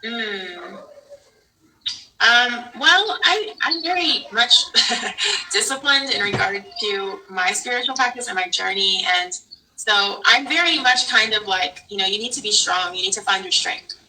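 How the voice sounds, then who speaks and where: Earnest woman guest, bright and distant. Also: mid-range voice, lively intonation, unhurried. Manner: earnest and direct, giving firm advice. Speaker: spiritual guest. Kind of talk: interview answer. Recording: distant mic with faint noise.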